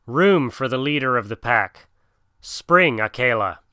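A man voicing a pack of jeering young wolves in a storybook reading, calling out in loud chants. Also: mid-range voice, lively intonation, a little slow, no echo, clean studio sound.

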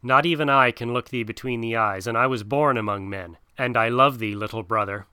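A man voicing a wise, protective male black panther in a storybook reading, speaking softly and low, growing urgent when he gives advice. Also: a little fast, clear, resonant tone, no echo, clean studio sound, natural voice. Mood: tender. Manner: soft and low, then urgent.

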